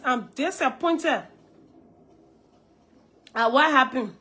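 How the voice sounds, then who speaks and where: Liberian lady on a live stream, hoarse with a cold, high sharp voice, says stuff over and over. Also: expressive, a little slow. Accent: Liberian English. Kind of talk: live stream commentary, greeting viewers.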